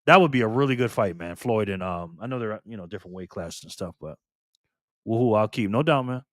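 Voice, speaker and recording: A man's voice: lowish voice, expressive, a little fast, a bit bright, no room sound, clean studio sound. A man hosting a casual live stream, chatting loosely with viewers by name and repeating himself.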